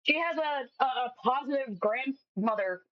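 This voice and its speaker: A woman guest on a podcast, chatting casually and in an animated way. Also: high-pitched, measured pace, dull audio. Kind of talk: casual chat.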